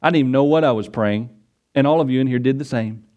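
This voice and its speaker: A man preaching a sermon to his congregation, emphatic and repetitive, swinging between loud declarations and quiet asides. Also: medium pitch, fast talker, muffled recording. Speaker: pastor.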